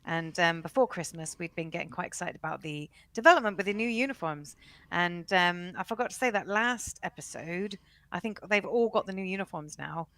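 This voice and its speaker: A woman's voice: on the low side, expressive, brisk, a bit bright, no room sound. A woman co-hosting a live stream, reading viewer messages and trivia in a bubbly, teasing way. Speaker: podcast co-host reading trivia. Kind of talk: casual live-stream chat.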